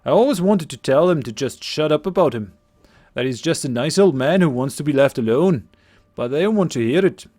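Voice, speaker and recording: A man's voice: fairly high pitch, animated, a little fast, darkish tone, faint music behind. A man voicing a young male apprentice with an overdone put-on Scottish accent, talking anxiously and earnestly.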